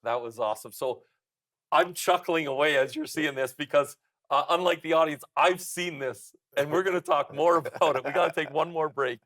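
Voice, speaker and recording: Canadian talk show host, raised pitch. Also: male voice, moderate pace, fairly bright tone, no echo. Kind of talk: broadcast interview hosting.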